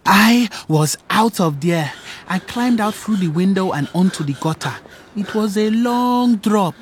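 Woman narrator, first-person story, slow, lowish voice, faint background noise. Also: animated.

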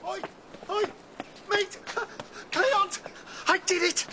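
A man's voice: very high voice, steady tone, slow, background noise. An actor playing a cheeky, reckless young male servant in a stage comedy, brash and cocky. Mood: gleeful.

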